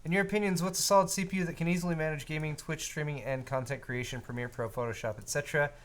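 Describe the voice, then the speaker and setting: A man's voice: fairly high pitch, fast talker. A man co-hosting a live tech show, chatting casually and reading out viewer donations. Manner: relaxed, reads viewer donations aloud; frequent fillers and restarts, conversational. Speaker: co-host of a hardware show. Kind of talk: casual live-stream chat.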